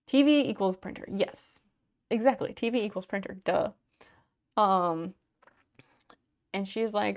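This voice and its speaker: A woman's voice: mid-range voice, unhurried, long pauses. A woman streamer in casual live chat, thanking viewers by name, telling stories and swearing casually.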